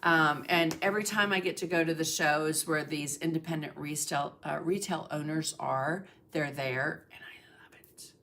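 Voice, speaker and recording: A woman's voice: sits low, fairly even intonation, normal speed, few pauses, bright, forceful tone, a little hiss or hum. A middle-aged woman hosting a casual art livestream, chatting and greeting viewers by name with lots of fillers. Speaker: livestream host, art instructor.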